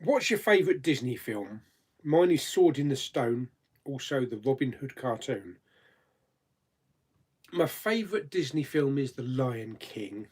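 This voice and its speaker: Bloke doing a casual live chat, bit husky, voice bouncing all over, laughs a lot. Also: male voice, mid-range voice, animated, unhurried, darkish tone. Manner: chatty, laughs often, reads viewer comments aloud. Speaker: host of a live chat stream. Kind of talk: casual chat answering viewer questions.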